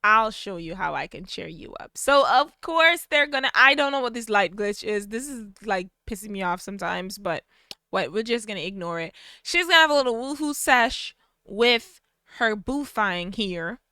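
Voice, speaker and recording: A woman's voice: a little high, normal speed, pushed and bright, clear, resonant tone, dry recording, clean studio sound. A woman in casual gameplay commentary, chatty and sassy, acting out the characters' voices. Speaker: gameplay narrator.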